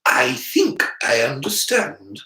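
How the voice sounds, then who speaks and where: A man's voice: mid-range voice, huge pitch swings, slow, pushed and bright, echoey room, heavily acted, poor audio. A man voicing a strict older witch professor with a precise, clipped Scottish accent. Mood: stern.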